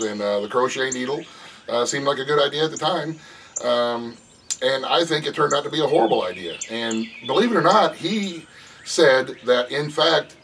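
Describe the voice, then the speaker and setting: A man's voice: mid-range voice, moderate pace, a bit bright. Man, middle-aged, casual porch chat, rambling, folksy, laughs often, mic at a distance, faint birds and traffic. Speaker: vlogger. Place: front porch, outdoors. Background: birds and passing traffic.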